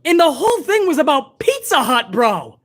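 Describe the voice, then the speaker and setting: A woman's voice: high voice, sing-song, moderate pace. A woman hosting a live wrestling review stream, ranting bluntly and heatedly with plenty of profanity. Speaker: wrestling show host.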